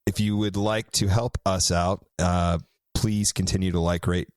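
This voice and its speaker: A man's voice: sits low, steady tone, measured pace, a little mellow, clean tone, no echo, studio quality. A man hosting a podcast in casual chat, joking and wrapping up the show. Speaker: podcast host.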